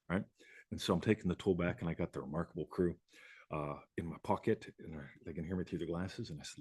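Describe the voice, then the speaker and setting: A man's voice: low voice, fast talker, darkish tone, breathy edge, dry recording, studio quality. A man hosting a live show, talking casually in a rambling way, swearing and laughing often. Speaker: host.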